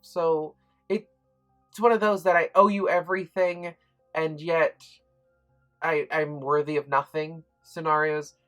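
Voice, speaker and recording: A woman with a somewhat low voice talks through a book review in a casual, chatty way. She sounds enthusiastic and often pauses on ums and restarts her sentences. Soft music plays faintly underneath. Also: steady tone.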